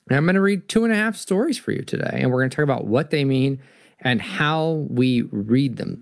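Gravelly, lively man lecturing on stories. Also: mid-range voice, dry recording, studio quality. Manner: animated, reflective, philosophical. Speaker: host and lecturer. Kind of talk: storytelling lecture.

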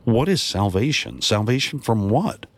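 A man's voice: lowish voice, sing-song, moderate pace, pitched above the performer's own voice. A man reading a story aloud, playing a blunt, curious woman friend who asks pointed questions. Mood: inquisitive.

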